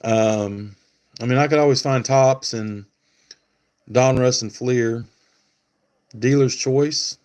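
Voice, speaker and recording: A man's voice: mid-range voice, slow pace, pauses often, darkish tone. Rambling man chatting on a live stream. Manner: rambling, thinks aloud with many fillers; talks back to chat viewers by name. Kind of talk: casual live stream chat.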